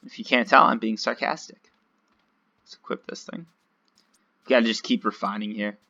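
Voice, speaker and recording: A man's voice: on the low side, fairly even intonation, moderate pace, gravelly, long pauses, pushed and bright, dull audio. A man giving casual, rambling, self-mocking commentary while playing a video game. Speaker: gaming video host.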